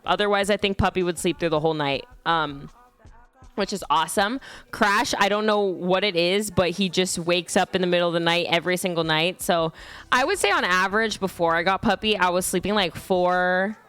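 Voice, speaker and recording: A woman's voice: medium pitch, a bit bright. A young woman streamer casually telling a rambling, self-deprecating story about her dogs, with frequent fillers and casual swearing.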